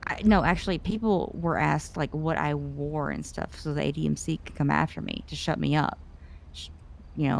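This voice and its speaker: A woman's voice: low-pitched, gravelly, a little hiss or hum. A woman in a roleplay scene, venting in an upset way and swearing. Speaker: roleplay character. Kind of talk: in-character roleplay chat.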